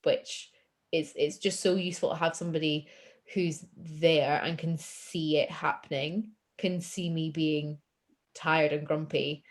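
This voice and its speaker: A woman's voice: low-pitched, fairly even intonation, measured pace. A woman guest on a podcast, talking openly and self-deprecatingly and laughing easily. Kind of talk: casual chat.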